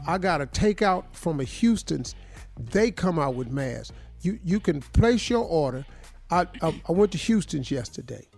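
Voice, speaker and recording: A man with a gravelly, fairly high voice hosts a radio morning show. He tells his stories in an animated, slangy way and stumbles over repeated words. Soft music plays behind him in the studio. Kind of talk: animated casual storytelling.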